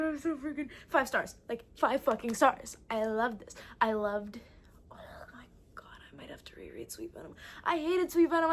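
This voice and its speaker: Excitable young woman gushing about books. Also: high-pitched, a little hiss or hum. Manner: excitable, gushing, swears a lot. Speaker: book vlogger. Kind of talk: casual vlog chat.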